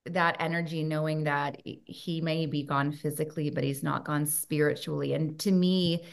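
A woman talking earnestly in an interview, telling personal stories with animated moments. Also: deep voice, normal speed, gravelly. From Canada. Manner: earnest storytelling, animated when recounting signs. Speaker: guest.

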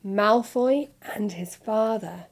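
A woman's voice: mid-range voice, slow. A woman reading aloud, voicing an earnest young boy wizard close to her own voice. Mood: plain.

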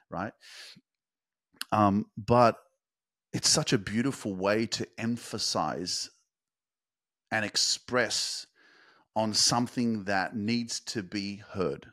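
A young man hosting a motivational podcast, talking straight to his listeners and swearing freely. He builds from plain talk to loud, fast, emphatic peaks. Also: on the low side, no room sound, clean studio sound. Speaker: podcast host.

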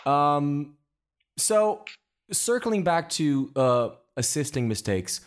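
A man hosting a casual interview and telling lively anecdotes about working as a photographer's assistant, with frequent restarts. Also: a little high, slow pace, smooth. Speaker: podcast host.

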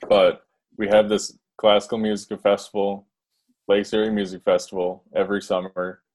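A young man co-hosting a casual chat, telling a story hesitantly with many pauses. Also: fairly low pitch, monotone, a little mellow. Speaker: podcast co-host.

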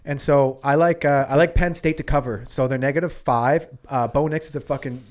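A man's voice: mid-range voice, steady tone, brisk. A young man co-hosting a podcast, talking through his sports bets in a crude, joking way. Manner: crude, joking, talks picks through at length. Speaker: podcast co-host. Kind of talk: casual sports betting chat.

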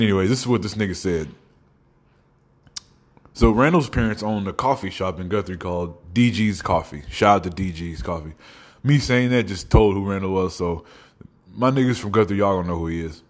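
A man from Oklahoma with a fairly low voice rambles through a comic, profane podcast monologue. He tells stories in a loose, casual flow, swearing freely along the way. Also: a little fast. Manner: profane, rambling storytelling with laughs. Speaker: podcast host.

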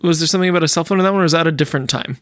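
A man's voice: fairly high pitch, rapid-fire, fairly bright tone, no room sound, studio quality. A man in casual chat, giving brief, easygoing reactions and asking questions.

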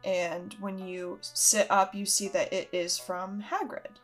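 A woman running a tabletop fantasy game as game master, narrating scenes in a chatty, casual way with plenty of fillers. Her voice sits at a middle pitch. Faint music plays underneath. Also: little pitch movement, takes it slowly.

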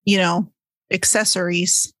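A woman co-hosting a casual book chat, telling stories in an animated, expressive way. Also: on the low side, a little slow, no echo. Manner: animated, expressive storytelling with laughs. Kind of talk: casual chat about books.

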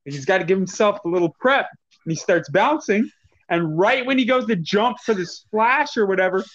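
A man's voice: sits high, a bit bright. A man trading stories on a podcast in a loose, casual way. He often breaks into laughter mid-sentence. His voice comes through slightly dull and lo-fi. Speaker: podcast co-host. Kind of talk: casual storytelling chat.

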